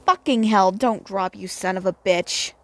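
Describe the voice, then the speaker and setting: A woman's voice: medium pitch, a little slow, a bit bright, slight background noise. A girl in her late teens ranting casually outdoors into her phone, blunt, profane and self-mocking. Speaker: vlogger. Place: outdoors near home at sunset.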